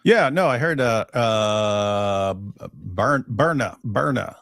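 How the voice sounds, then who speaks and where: Gravelly low-voiced man chatting casually. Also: animated, slow pace, fairly bright tone, no echo, clean studio sound. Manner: rambling, laughs at own jokes. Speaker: co-host. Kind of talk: casual livestream chat.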